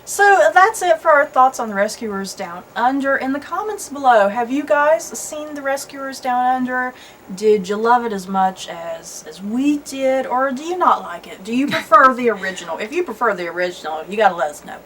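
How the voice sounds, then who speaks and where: A woman host leads a relaxed conversation with a fairly high voice, laughing often and letting her pitch jump around. A faint hiss sits under the recording. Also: normal speed, low-quality recording. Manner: chatty, laughs often, lively swings in pitch. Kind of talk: casual chat.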